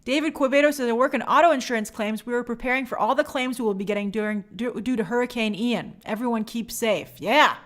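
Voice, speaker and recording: A woman's voice: fairly high pitch, quick pace, hardly any pauses. A woman hosting a casual livestream, reading viewer comments aloud and answering them chattily. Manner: animated, bubbly sign-offs. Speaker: host.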